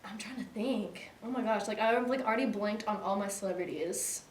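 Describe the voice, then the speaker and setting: A young woman co-hosts a casual chat show, rambling with plenty of fillers and laughing easily. Her medium-pitched voice is brisk, with a little hiss or hum. The room is echoey and the mic sits at a distance.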